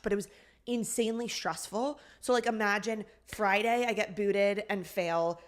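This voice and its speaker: A woman co-hosting a casual podcast, recounting a frustrating day in an animated, exasperated voice. Her pitch sits mid-range for a woman. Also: a little fast. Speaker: podcast co-host. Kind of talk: casual storytelling chat.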